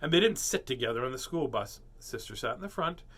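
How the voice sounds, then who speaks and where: Man, storybook reader, bright tone, animated delivery, quips between pages. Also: mid-range voice, brisk. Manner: playful, jokey asides and puns; lively character voices while reading. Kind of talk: reading a children's book aloud with asides.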